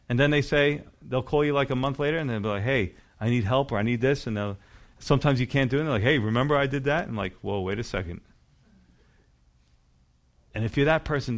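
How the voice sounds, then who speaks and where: A male pastor delivers a sermon in a church. His voice sits a bit on the high side, and he keeps the preaching conversational, leaning on rhetorical questions to draw listeners in.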